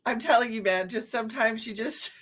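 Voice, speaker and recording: A middle-aged woman chats on a live stream in a slightly high voice, breaking into giggles again and again. She is a psychic medium talking loosely with her viewers. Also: a bit bright. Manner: giggly, laughs often, chatty. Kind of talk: casual live-stream chat.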